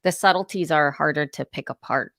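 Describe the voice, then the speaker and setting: A woman co-hosting a podcast, talking in animated, storytelling casual chat. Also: sits low, a little fast, no room sound, studio quality. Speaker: podcast co-host.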